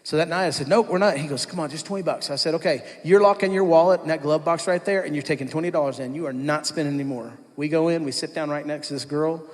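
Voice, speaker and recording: A man's voice: a little high, quick pace, hardly any pauses. A man, likely in his thirties, telling his personal testimony in a conversational storytelling way, with restarts and asides. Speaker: speaker giving a testimony. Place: church hall. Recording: long reverb of a large hall.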